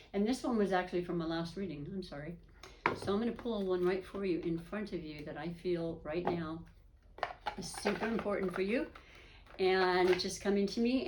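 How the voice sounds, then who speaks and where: A woman's voice: deep voice, darkish tone. A woman giving a casual, rambling tarot reading, emotional and often correcting herself. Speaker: tarot reader.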